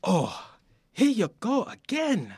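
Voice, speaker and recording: A man voicing a weary father who scolds his son about money, in a slow, drawn-out put-on accent. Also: high-pitched, wildly swooping pitch, a little mellow, breathy edge, no room sound, clean studio sound, voice pushed up, exaggerated voice. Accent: put-on foreign accent.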